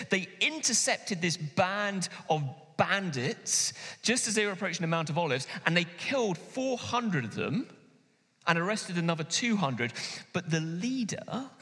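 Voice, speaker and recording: A man preaching a sermon as pastor, animated and emphatic, slowing down and pausing for effect. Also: high voice. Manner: animated, emphatic preaching with sudden pauses and slowdowns. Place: church hall. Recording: long hall reverb.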